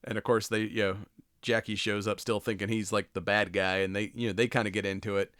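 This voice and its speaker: A man's voice: fairly low pitch, little pitch movement, brisk, a bit bright, smooth, no room sound, clean studio sound. A man co-hosting a podcast, recapping a movie in casual chat, loose and swearing, with lots of fillers. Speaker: podcast co-host.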